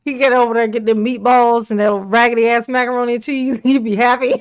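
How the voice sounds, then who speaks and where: A woman's voice: fairly high pitch, level tone, quick pace, clean tone. A woman hosting a casual reaction commentary, sarcastic and mocking, laughing often and swearing freely. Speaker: commentary host.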